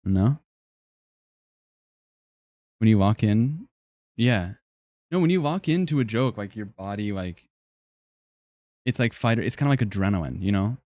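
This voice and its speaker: Young dude streamer rambling and joking with chat, low mellow voice, dry close sound. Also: male voice, lively intonation, unhurried, long pauses, no room sound. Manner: rambling, jokey, reacts to chat. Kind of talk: casual live-stream chat.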